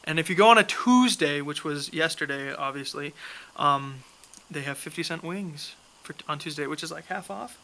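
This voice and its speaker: A man's voice: on the high side, normal speed, pushed and bright, rough recording. A young man telling a funny story in a casual chat, laughing often as he goes.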